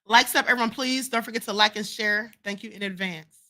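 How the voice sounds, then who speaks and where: A woman's voice: mid-range voice, fairly quick, pushed and bright. A woman hosting her own livestream, giving fiery commentary full of rhetorical questions and repeated lines for emphasis. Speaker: livestream host. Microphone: streaming setup mic.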